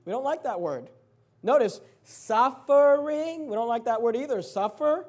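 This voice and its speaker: A man preaching a sermon, emphatic, voicing complaining listeners and dropping his voice low to read scripture. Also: lively intonation, unhurried, darkish tone.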